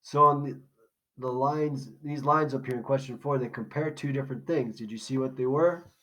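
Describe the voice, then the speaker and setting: A man walks through a poem in a recorded lesson. He talks casually, poses questions and then answers them himself, at a middle pitch. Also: moderate pace, a bit bright, poor audio. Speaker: teacher. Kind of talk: recorded classroom lesson walkthrough.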